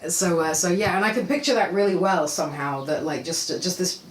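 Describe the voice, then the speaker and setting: A woman hosts a podcast and gives feedback on comedy, thoughtful and hesitant, pausing on ums. Her voice sits a little low and is recorded from a distance in a room with noticeable echo and faint noise. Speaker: podcast host, comedy coach. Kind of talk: casual feedback chat.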